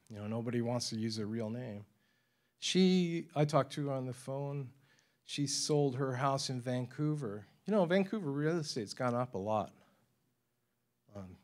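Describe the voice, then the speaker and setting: A man speaking at a public forum in a university lecture room. He tells stories in a lively way and often laughs. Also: mid-range voice, normal speed. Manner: animated storyteller, acts out quoted voices, laughs often.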